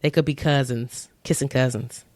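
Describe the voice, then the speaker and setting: A woman co-hosting a podcast, recounting news in a relaxed, matter-of-fact way. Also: rumbling low, normal speed, no echo. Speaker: podcast co-host. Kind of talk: casual chat.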